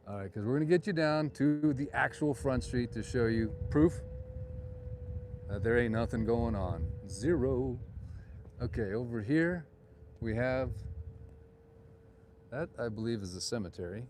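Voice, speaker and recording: A middle-aged man runs a live nighttime walking tour outdoors on a town street, recorded by phone with slight background noise. He talks at a measured pace with long pauses and lively intonation in a medium-pitched, darkish voice, rambling through chatty digressions.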